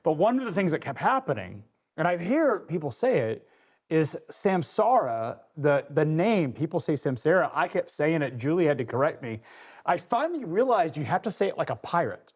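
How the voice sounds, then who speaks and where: A man's voice: on the high side, big pitch swings, normal speed, slightly rough. A man hosting a show, talking in a chatty, casual way and often restarting his sentences. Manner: chatty, repeats words when starting sentences. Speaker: show host. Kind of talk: casual chat.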